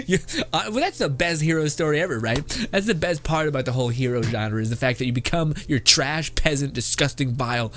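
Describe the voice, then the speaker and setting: A man's voice: mid-range voice, lively intonation, a little fast, fairly bright tone. A man hosting a casual reaction video who rambles, swears freely and keeps breaking into laughter.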